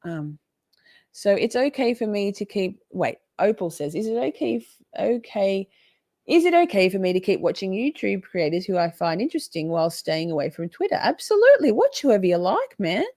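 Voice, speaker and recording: A woman's voice: mid-range voice, sing-song, normal speed, a little mellow, no room sound, clean studio sound. An Australian woman hosting a livestream, chatting casually and reading viewer comments aloud with frequent laughs. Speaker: livestream host.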